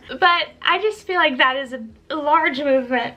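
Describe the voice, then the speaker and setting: A woman's voice: high voice, moderate pace, very noisy. A young woman vlogging casually about a book she is reading, gushing, emotional and breathless as she talks.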